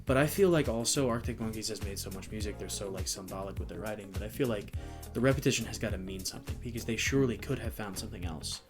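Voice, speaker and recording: Fast-talking man in a reaction chat. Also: fairly low pitch, music in the background. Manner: rambling, thinks aloud, reads lyrics and annotations aloud. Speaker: reaction show co-host. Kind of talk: casual music review chat.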